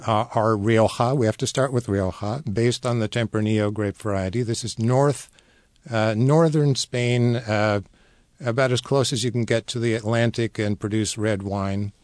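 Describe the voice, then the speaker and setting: Low-voiced man explaining wines on radio. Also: steady tone, a little mellow, no echo, studio quality. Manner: knowledgeable, measured, many fillers. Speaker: wine importer guest. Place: radio studio.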